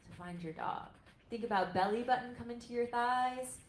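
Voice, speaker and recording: A yoga instructor in her thirties, with a fairly high-pitched voice and a moderate pace, guides parents and children through stretches. Her cues are upbeat and encouraging, and the recording has an echoey room sound with faint noise.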